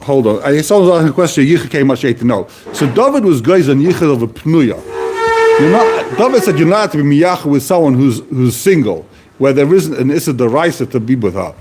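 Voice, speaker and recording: A man's voice: on the high side, expressive, brisk, background noise. A man teaching a text class, posing questions and answering them, repeating key phrases as he explains. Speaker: Talmud teacher. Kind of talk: lively explanatory lecture.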